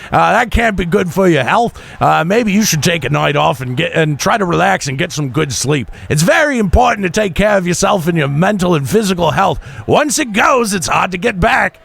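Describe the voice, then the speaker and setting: A bragging wrestler with a put-on British accent that keeps drifting Australian, as a man reads him aloud. He stumbles and halts over a stiff script. The voice sits a bit high and gravelly, swinging widely in pitch. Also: lively intonation, fairly bright tone, exaggerated voice. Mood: mock-stern. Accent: mock British slipping into Australian. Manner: halting, stumbling read of a script. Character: boastful wrestler reading a stiff call-out.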